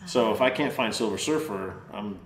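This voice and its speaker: A man's voice: fairly low pitch, moderate pace, a crowd in the background. A man co-hosting a casual toy-collecting podcast, chatting and teasing his co-hosts. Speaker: podcast co-host. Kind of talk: casual chat. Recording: echoey room, faint hiss.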